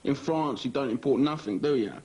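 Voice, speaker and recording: An actor playing a cheeky young footballer from South London, full of jokey banter. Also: male voice, mid-range voice, a little fast, a little mellow, roomy sound, lightly acted. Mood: mocking. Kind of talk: TV drama dialogue.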